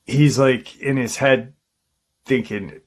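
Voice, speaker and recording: A man hosting a paranormal channel, casually retelling a witness's encounter in a halting way, with frequent ums and restarts. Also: mid-range voice, steady tone.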